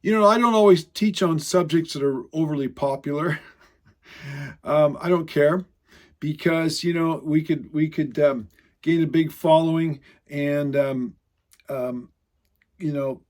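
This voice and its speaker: Rambling man teaching scripture, fairly high voice. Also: unhurried, a little mellow. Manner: rambling, self-correcting, frequent filler sounds. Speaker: online congregation teacher. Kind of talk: casual Bible teaching video.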